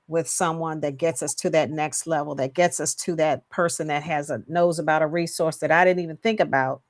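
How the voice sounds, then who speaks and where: Woman co-host, deep for a woman, thoughtful church-minded chat. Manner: reflective, frequent affirming murmurs. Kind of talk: casual faith-based chat.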